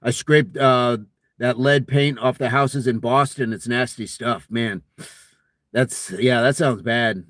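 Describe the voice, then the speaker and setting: A man's voice: mid-range voice, fairly even intonation, takes it slowly, a bit bright, no room sound, clean studio sound. A man hosting a casual fitness live stream, reading viewer comments aloud in a jokey, friendly way and laughing often.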